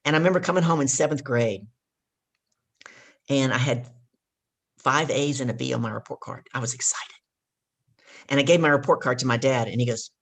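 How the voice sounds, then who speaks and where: A woman's voice: very deep voice, brisk, long pauses, husky. A woman guest and life coach telling a coaching story with energy, hammering home her key points. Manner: emphatic, repeats key points.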